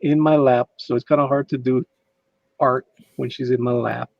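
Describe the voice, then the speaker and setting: A man's voice: mid-range voice, fairly even intonation, normal speed, vocal fry, dry recording. A man chatting casually on a live drawing stream with easygoing banter. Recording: dull lo-fi mic.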